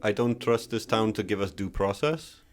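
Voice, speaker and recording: A British man playing a tabletop game, speaking calmly and plainly in character. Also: lowish voice, moderate pace, soft background music. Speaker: player.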